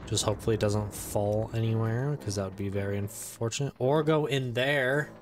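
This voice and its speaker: A man giving casual let's play commentary, excitable, talking to the game and saying "dude" a lot. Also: lowish voice, moderate pace. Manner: excitable, talks to the game and its characters.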